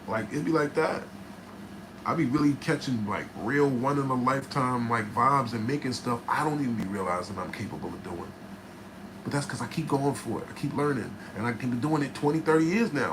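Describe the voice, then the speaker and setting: Middle-aged man, boastful rapper monologue, gravelly tone with a lively swinging delivery, noisy background. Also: mid-range voice, fairly quick. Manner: boastful, animated, emphatic repetition. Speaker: rapper and producer.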